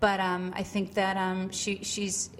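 The recording carries a little hiss or hum as a middle-aged Boston-accented woman from Cambridge, Massachusetts talks at a measured pace. Her pitch is medium and monotone, yet she chats animatedly as a guest in a casual interview, a musical theater actress full of fillers and restarts.

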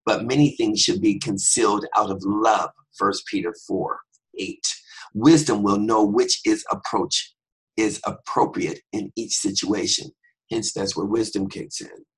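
A man's voice: on the low side, fairly bright tone, breathy edge, poor audio. A man hosting a devotional podcast who teaches scripture conversationally and drifts into humorous asides.

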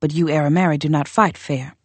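A woman reading as a proud northern warrior queen lays out terms in a low, formal voice. She sounds measured and coolly contemptuous, close and dry with no room around her, an audiobook figure. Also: steady tone, breathy edge, no echo. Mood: cold, demanding.

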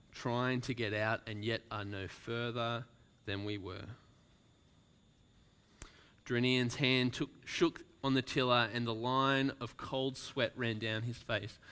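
Slow, clear-voiced preacher. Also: male voice, medium pitch, sharp tone. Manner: slow, deliberate, dropping to near whispers for emphasis. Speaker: pastor. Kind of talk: sermon with a read-aloud story.

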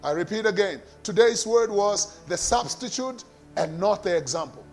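Man, pastor, sermon, very high voice, call-and-response, shouted and sung lines, faint background music. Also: animated, normal speed. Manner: repeats key phrases, calls on the congregation to respond; swings between loud shouting and quiet, sung lines.

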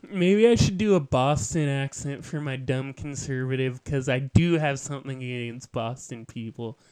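A man's voice: mid-range voice, a little slow, darkish tone, clean tone, no room sound. A man hosting a podcast, delivering an opinionated, lecturing political monologue with a sardonic edge. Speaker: podcast host.

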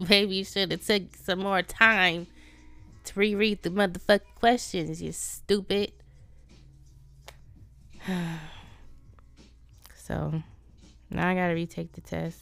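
A woman's voice: fairly low pitch, steady tone, slow, gravelly, pauses often, sharp tone, smooth, dry recording, faint music behind. A woman hosting her own podcast, venting in a casual, profane, self-deprecating way. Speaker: podcast host. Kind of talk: casual solo podcast monologue.

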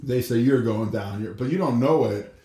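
A man co-hosting a podcast, trading playful, deadpan banter in casual chat. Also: medium pitch, moderate pace. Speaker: podcast co-host. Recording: roomy echo.

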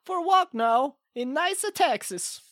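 A man voicing a bumbling, scheming Swedish man in a put-on Swedish accent and broken, halting English. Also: extremely high pitch, lively intonation, fairly bright tone, no echo, studio quality, heavily acted. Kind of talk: comedic improvised call-in character.

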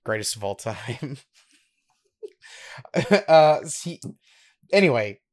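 A young man co-hosting a podcast, telling a story in a casual, giggly, animated way. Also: mid-range voice, takes it slowly. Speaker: podcast co-host.

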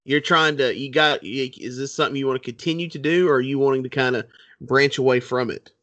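A man's voice: mid-range voice, fast talker, a bit bright, muffled recording. A man interviewing a guest on a podcast, conversational and teasing.

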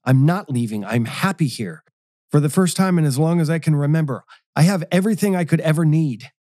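A man voicing a troubled man who pleads to stay and then shouts in anger, in a narrated audio story. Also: a little high, animated, fairly quick, no echo, clean studio sound, pitched above the performer's own voice, close to an everyday voice. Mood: furious. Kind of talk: audio drama reading.

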